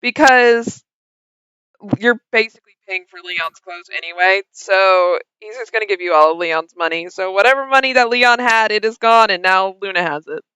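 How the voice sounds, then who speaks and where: A woman serving as game master, narrating a tabletop game in a calm, steady way with some stumbles. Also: mid-range voice, moderate pace, smooth, no echo, low-quality recording.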